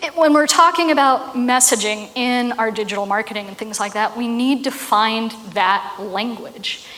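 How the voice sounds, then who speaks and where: A woman's voice: on the high side, a bit bright, big-room sound. A woman giving a casual, chatty talk on marketing, often tossing in "right?" asides. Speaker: marketing speaker.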